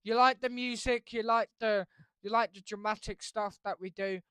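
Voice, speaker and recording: A woman hosting her channel, rambling through made-up band lore with stammering restarts, swinging between mumbling and loud exclaiming. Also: medium pitch, fairly even intonation, normal speed, clear, resonant tone, dry recording, clean studio sound. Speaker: channel host.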